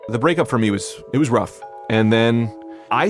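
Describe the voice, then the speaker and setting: A young man from New Jersey tells a personal story in a candid, rambling way, full of fillers, and he acts out what people said. His voice sits low with a gravelly edge. A clear music bed plays under him. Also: brisk. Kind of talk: personal story told to a podcast.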